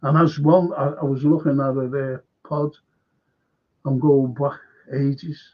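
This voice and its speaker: Speaking at a medium pitch with fairly even intonation and a measured pace, a man hosts a fan football show, ranting heatedly, swearing constantly and repeating himself. It's an angry talk-show monologue captured with dull, lo-fi sound.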